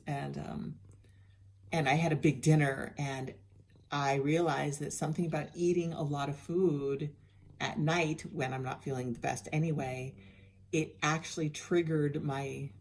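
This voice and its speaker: A woman's voice: deep voice, a little mellow. A middle-aged woman giving a casual personal video update, chatty and candid with many restarts, sounding worn out. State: worn out and tired. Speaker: vlogger sharing a health journey.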